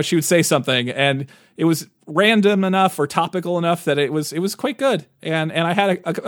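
A man in his thirties in casual podcast chat, rambling and animated, full of restarts and fillers. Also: on the high side, no room sound, studio quality. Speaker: podcast co-host.

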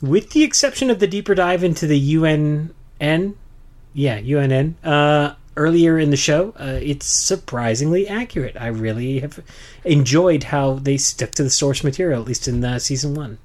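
A man's voice: a little high, moderate pace, darkish tone. A man co-hosting a casual podcast, talking enthusiastically with many fillers. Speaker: podcast co-host. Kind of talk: casual chat.

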